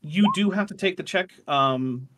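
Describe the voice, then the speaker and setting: Fairly high-voiced male game master. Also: moderate pace, very noisy. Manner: relaxed, rambling, self-correcting. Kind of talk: narrating a tabletop game.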